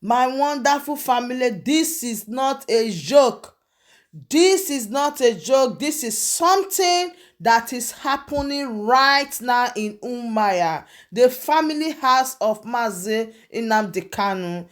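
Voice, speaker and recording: A woman's voice: on the high side, animated, slow. A woman reading out news reports and commenting on them emphatically, often repeating her key phrases.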